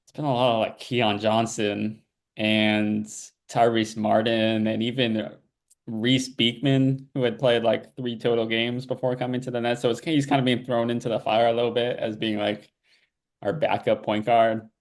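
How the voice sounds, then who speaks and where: A relaxed young man in casual podcast chat, his voice sitting at an ordinary middle pitch. He meanders through thoughts with plenty of "like" and "um," loose and conversational. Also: moderate pace. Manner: laid-back, rambling with fillers and restarts. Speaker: podcast co-host.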